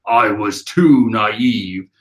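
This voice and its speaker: A man voicing a stern boy with a deep, cold, menacing voice, speaking slowly and gravely. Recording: roomy echoey room.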